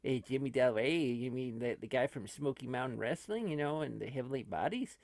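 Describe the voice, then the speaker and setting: A man's voice: mid-range voice, expressive, brisk, vocal fry, a little mellow, no room sound, studio quality, voice pushed down. A man playing a frantic old man who rambles and stammers urgently in an amateur comedy movie. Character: frantic old man fleeing strange dimension.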